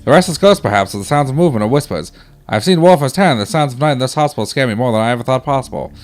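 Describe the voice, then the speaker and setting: A man's voice: mid-range voice, lively intonation, racing, voice pushed up, natural voice. A man reading a wounded soldier's letters aloud in an old-timey, put-on British voice. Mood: fearful. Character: wounded young male WWI soldier writing letters.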